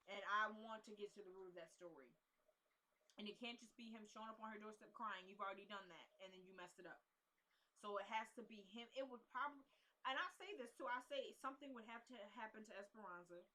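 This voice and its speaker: A woman's voice: medium pitch, quick pace, bright, forceful tone, a little hiss or hum, poor audio. A young woman giving her opinions on a TV drama to her camera, talking casually and with strong opinions, full of "you know" and "like". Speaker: vlogger reviewing a TV drama. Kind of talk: casual talking-head commentary. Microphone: camera built-in mic.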